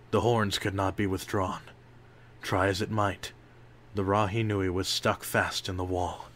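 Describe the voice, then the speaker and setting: A man reading an adventure audiobook aloud in slow, measured narration. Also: on the low side.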